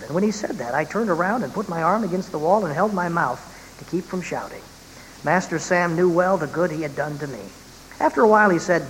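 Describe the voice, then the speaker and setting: A reader giving a dramatic reading of a historical sermon, expressive and slowing on key phrases. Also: mid-range voice. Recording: reverberant room with faint hiss.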